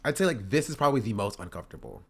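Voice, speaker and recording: A man's voice: on the low side, wildly swooping pitch, very fast, creaky, fairly bright tone, husky. A man streaming live, casually reacting to clips and chatting with his viewers, often repeating himself. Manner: chatty, repeats himself, reads chat aloud.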